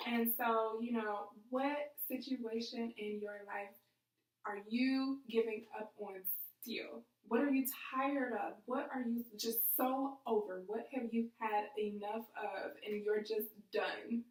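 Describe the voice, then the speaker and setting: A fairly high-voiced woman speaks to her viewers in a candid, rambling way, leaning on fillers as she goes. The sound is roomy and echoey, and she sits back from the microphone. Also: fairly even intonation, slow. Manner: emotional, rambling, many fillers like "like" and "you know". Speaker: vlogger. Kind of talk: candid personal storytelling to camera. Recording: echoey room, voice from a distance.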